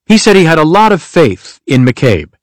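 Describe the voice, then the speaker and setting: A man giving a measured, even nonfiction audiobook narration. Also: on the high side, no room sound.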